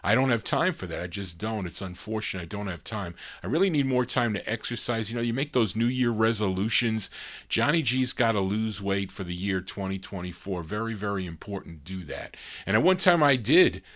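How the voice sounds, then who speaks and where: A man's voice: fairly low pitch, lively intonation, brisk, fairly bright tone. A middle-aged man hosting a record show as DJ, talking casually in a chatty, rambling way with fillers and asides. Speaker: radio-style DJ host. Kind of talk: casual live-stream DJ chat.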